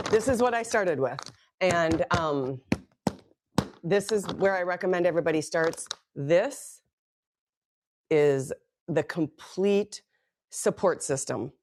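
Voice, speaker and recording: A woman's voice: lowish voice, darkish tone, slight background noise. A woman from the Midwest US hosting a casual live stream, greeting viewers by name and chatting with plenty of ums as she presents products.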